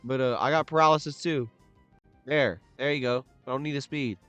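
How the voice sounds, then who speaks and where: A young gamer narrates his own competitive match live, muttering each move under his breath before exploding into loud frustrated outbursts. He has a mid-range voice at normal speed. There's faint music behind him.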